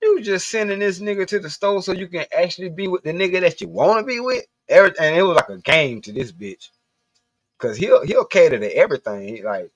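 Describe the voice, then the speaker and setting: Foul-mouthed southern-raised guy ranting on stream, kinda high voice, dry close mic. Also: animated, brisk, no echo. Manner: profane, blunt, rambling. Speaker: livestream host. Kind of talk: casual ranting monologue.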